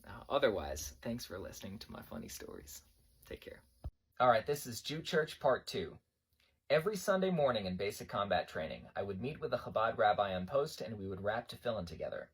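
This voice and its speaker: A young man from New York, an army veteran, telling wry stories about basic training in a casual, animated way. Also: lowish voice, fairly quick, husky. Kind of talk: casual spoken storytelling.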